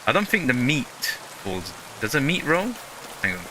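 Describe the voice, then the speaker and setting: A man's voice: mid-range voice, very animated, a little slow, bright, forceful tone, slight background noise. A man hosting a gaming channel, chatting casually through gameplay in a rambling way full of fillers.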